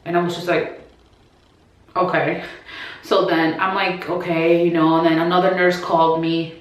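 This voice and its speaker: This vlogger speaks at normal speed with a fairly low pitch and flat delivery, recounting something personal to her followers. Expect lots of "like," fillers, restarts and acted quotes in a casual style, all in a very echoey room.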